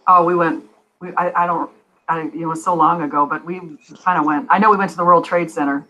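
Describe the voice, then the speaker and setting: A woman's voice: on the low side, fairly even intonation, fast, pushed and bright, highs cut off. A woman on a casual chat as a guest, rambling and laughing often. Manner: giggly, rambling.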